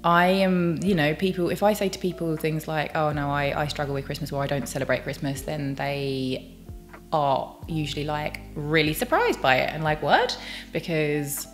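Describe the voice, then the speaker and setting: A woman's voice: sits low, normal speed, soft background music. A British woman talking in a chatty, bubbly vlog, full of rambling asides. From United Kingdom. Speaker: vlogger. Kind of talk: personal vlog, casual chat.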